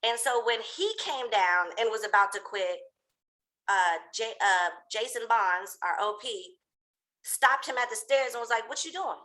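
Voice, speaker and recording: A woman's voice: fairly high pitch, unhurried, bright, forceful tone. A woman real estate coach telling a story casually to her team, laughing often and acting out other people's lines.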